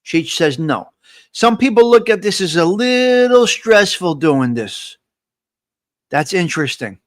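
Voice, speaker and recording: A man's voice: high-pitched, sing-song, measured pace, no echo, studio quality. A man hosting a live morning coffee chat, talking straight to his viewers in a motivational, repetitive way and reading out their comments. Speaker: livestream host.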